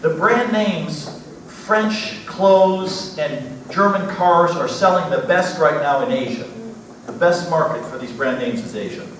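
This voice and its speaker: A man's voice: on the high side, measured pace, a bit bright. A man giving a genial church slide talk, chuckling now and then at his own stories. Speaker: missionary speaker. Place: church sanctuary. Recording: echoey hall, distant mic, faint hiss.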